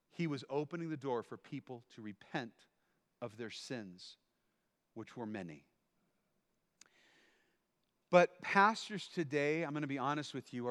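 A man preaching a sermon in a church hall, swinging between quiet explanation and loud, shouted lines. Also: medium pitch. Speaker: pastor.

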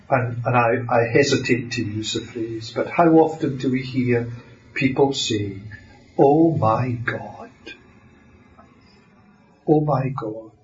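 Slow, deliberate preacher. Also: male voice, mid-range voice, a little hiss or hum. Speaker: pastor. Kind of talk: sermon. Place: church. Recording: roomy, slightly dull church recording.

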